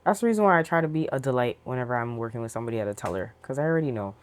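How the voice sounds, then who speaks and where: A podcast co-host speaking in relaxed casual chat, commenting and agreeing with the others. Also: mid-range voice, very fast.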